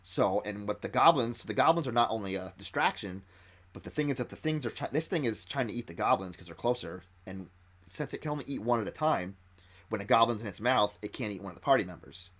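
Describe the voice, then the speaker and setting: Fast-talking man breaking down a game session. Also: fairly low pitch. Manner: excited storytelling with frequent restarts. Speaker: game master. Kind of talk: breaking down a tabletop game encounter.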